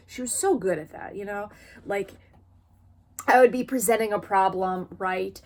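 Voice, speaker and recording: A woman's voice: medium pitch, normal speed. A woman vlogger talking frankly and expressively to camera about her own experience, in a casual personal style. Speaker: vlogger sharing lived experience.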